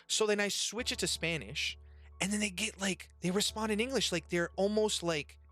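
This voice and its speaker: A man's voice: sits high, normal speed, sharp tone, soft background music. A man hosting a casual podcast, loose and profane, reading chat messages aloud. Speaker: podcast host and restaurant server.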